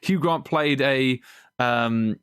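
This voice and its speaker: A man's voice: medium pitch, takes it slowly, fairly bright tone, smooth, no echo, studio quality. A man co-hosting a podcast, chatting casually and animatedly about a film, exasperated and swearing. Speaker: podcast co-host. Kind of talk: casual chat reviewing a film.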